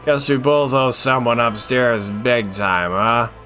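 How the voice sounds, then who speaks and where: A man's voice: medium pitch, steady tone, takes it slowly, bright, forceful tone, soft background music. Man doing a tipsy war-weary soldier. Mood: wistful. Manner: slurred drunk voice.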